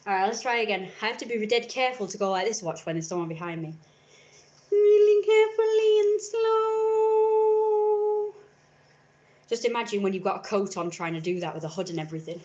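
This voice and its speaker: A woman's voice: medium pitch, very fast, few pauses, muffled recording. A young woman chatting casually on a home live stream, rambling and acting out little scenes with sudden squeals. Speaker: vlogger. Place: at home indoors. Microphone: camera mic.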